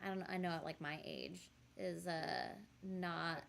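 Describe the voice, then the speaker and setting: A woman's voice: on the low side, fairly even intonation, unhurried, creaky, fairly bright tone, slight background noise. A married woman guest on a livestream, chatting and telling stories in a playful, jokey way. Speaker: guest streamer. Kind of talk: casual chat on a livestream.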